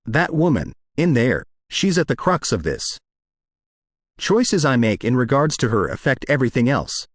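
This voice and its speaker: A man's voice: mid-range voice, sing-song, moderate pace, no echo, studio quality. A man reading an urgent armored hero leader. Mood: pleading. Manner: urgent, politely insistent. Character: earnest adult male armored hero leader.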